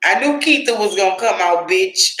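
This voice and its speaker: A man's voice: sits high, expressive, measured pace, bright, forceful tone, echoey room, poor audio. A man hosting a livestream, giving casual, profane commentary, often laughing and talking to his chat. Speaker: livestream host.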